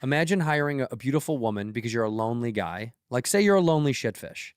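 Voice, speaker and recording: A man's voice: mid-range voice, lively intonation, quick pace, smooth, dry recording, clean studio sound. A man co-hosting a comedy podcast, teasing and coaching his co-host in casual banter and laughing often.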